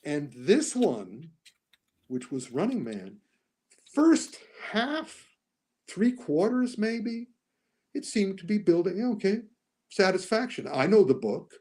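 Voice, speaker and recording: A man talking casually as a podcast guest about films, animated, often acting out lines he quotes. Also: sits high, slow, long pauses. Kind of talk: casual podcast movie discussion.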